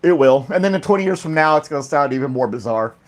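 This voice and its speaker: Lively chatty male host. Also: fairly high pitch, quick pace. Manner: joking, chatty, laughs often. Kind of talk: casual chat.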